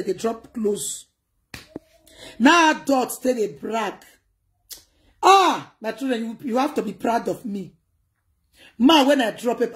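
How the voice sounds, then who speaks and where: A high-pitched woman with a Nigerian Pidgin accent talks casually to her livestream viewers. She is animated and lively, and she calls out to her audience as she speaks. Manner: animated, switching between pidgin and local language, addressing viewers. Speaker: livestream host.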